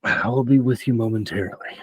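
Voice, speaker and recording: A man voicing a battered male bodyguard who speaks in a flat, clipped, formal way. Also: mid-range voice, brisk, husky, no echo, voice pushed up, lightly acted. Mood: stoic.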